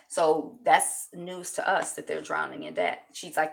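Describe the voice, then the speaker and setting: A woman vlogger recapping a TV episode in casual, animated talk full of fillers. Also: deep voice, normal speed, creaky, hardly any pauses. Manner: animated, chatty storytelling with many fillers.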